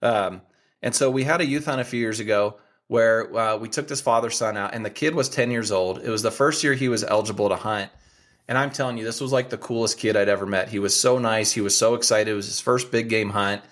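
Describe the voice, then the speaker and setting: A man's voice: lowish voice, brisk. An American man in his forties, a hunting guide, telling a story in casual conversation and acting out the voices of the people in it. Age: 40s. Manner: animated storyteller, acts out quoted voices. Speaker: hunting guide and outfitter, podcast guest.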